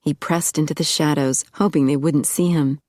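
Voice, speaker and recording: A woman reads an audiobook in a low, wry voice. The sound is dry and close, with no room around it. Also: fairly even intonation, normal speed, warm tone, dry recording. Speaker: audiobook narrator. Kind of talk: scripted narration.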